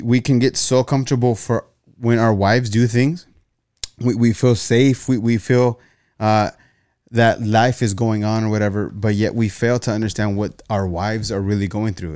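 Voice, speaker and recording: A man with a low voice preaches on marriage in a dry, close recording. He tells a story with growing energy and often repeats his words as he goes. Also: smooth, no echo. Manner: repeats words, storytelling, rising animated in anecdotes. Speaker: pastor. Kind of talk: sermon on marriage.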